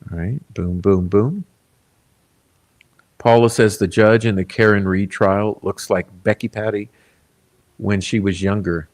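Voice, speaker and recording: A laid-back man with a fairly low voice hosts a casual livestream and reads viewer comments aloud. He rambles along with plenty of fillers and chuckles often. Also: fairly even intonation, a little slow, pauses often. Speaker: livestream host.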